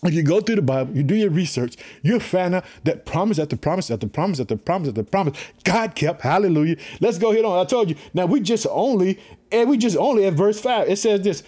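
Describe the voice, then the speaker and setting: A man preaching a fervent sermon, repeating phrases, calling out hallelujah and reading scripture slowly and solemnly. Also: high voice, animated, dark tone. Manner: fervent, repetitive preaching with call-and-response.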